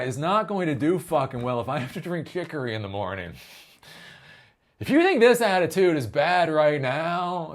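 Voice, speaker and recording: A man hosting a tech commentary vlog, ranting with a lot of profanity and sudden loud outbursts. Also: fairly high pitch, very animated, moderate pace. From Ohio, US.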